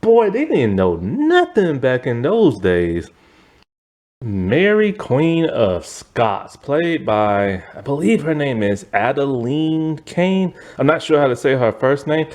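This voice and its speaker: A man in a casual, rambling review chat, filling his sentences with "like" and "you know." His pitch sits mid-range but swings widely, rising high when he gets worked up. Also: takes it slowly. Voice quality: chatty, filler-heavy, meandering, with "like" and "you know". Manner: animated, swooping pitch. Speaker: TV review vlogger.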